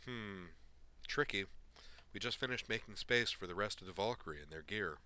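A deadpan, matter-of-fact starship officer, as a man reads him. The voice is low and bright, with a forceful edge. It is plain storybook reading. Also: moderate pace. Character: Lor Soong, a practical male starship officer.

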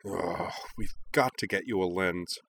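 A man's voice: sits low, measured pace, creaky, a bit bright, exaggerated voice. A man voicing an impatient, blunt young woman in a storybook reading. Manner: pushy, urgent.

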